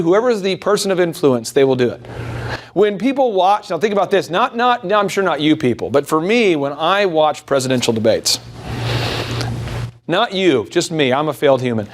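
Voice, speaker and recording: High-voiced, animated man lecturing. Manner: animated, asks the audience rhetorical questions, jokes at his own expense. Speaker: business workshop host. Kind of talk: motivational sales lecture to a live audience.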